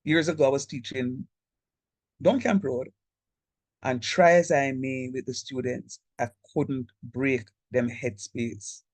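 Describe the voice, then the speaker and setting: Jamaican male lecturer on a video call, chatty and direct, mid pitch, dry sound. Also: fairly even intonation, slow, dry recording. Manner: direct, chatty, code-switches into local speech. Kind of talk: online math lecture.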